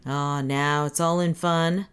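A woman's voice: sits low, steady tone, takes it slowly, clear, resonant tone. A woman voicing a drunk, good-natured but needling ship captain who talks in a boisterous, mocking, slurred way. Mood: jovial.

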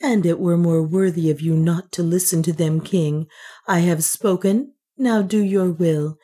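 Woman reader as a defiant queen; dignified, low voice. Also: steady tone, measured pace, warm tone, husky. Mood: proud defiant. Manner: proud, dignified.

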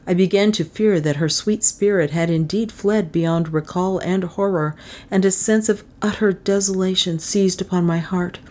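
Her pitch fairly low, a woman reads a classic novel for an audiobook. The narration stays measured and even throughout.

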